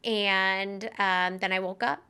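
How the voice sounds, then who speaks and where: A young woman co-hosting a podcast tells a personal story. Her voice is bright and crisp, and her tone is earnest and conversational, with plenty of "um"s along the way. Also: mid-range voice, fairly even intonation, takes it slowly. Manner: earnest, conversational with frequent fillers. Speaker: podcast co-host.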